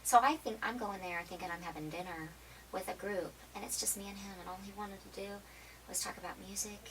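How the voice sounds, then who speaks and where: Lively storytelling woman, distant noisy mic. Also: mid-range voice, fast. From Oklahoma. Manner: lively, laughing, quotes people in acted asides. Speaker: interview guest. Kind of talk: storytelling in a casual interview. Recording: distant mic with clear background noise.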